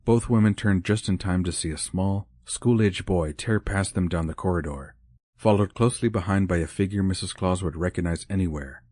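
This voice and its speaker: A man narrating an audiobook with measured, even storytelling. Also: sits low, no echo, studio quality. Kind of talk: scripted narration.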